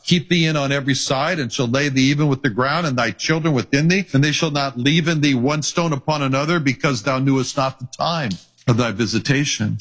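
A man's voice: a little high, a bit bright. A male pastor preaching an earnest sermon, reading scripture aloud.

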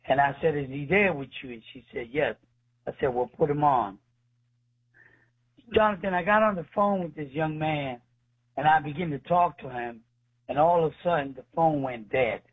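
A man's voice: on the high side, normal speed, breathy edge. A man telling his faith testimony as a guest, speaking earnestly and acting out the dialogue. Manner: earnest, retells dialogue with voices. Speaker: ministry leader, guest. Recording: tinny phone line.

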